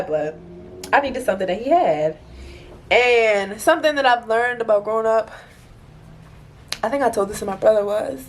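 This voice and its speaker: A woman's voice: medium pitch, moderate pace, long pauses, a little hiss or hum. A young woman, a single mother, talking candidly in a casual confessional vlog, rambling and conversational. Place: bedroom at home with open window.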